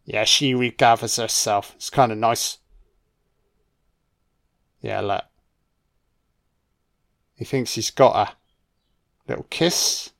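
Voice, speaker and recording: A man's voice: mid-range voice, slow, gravelly, pauses often, fairly bright tone. A man giving a casual, profane running commentary on a film, making admiring asides as he watches.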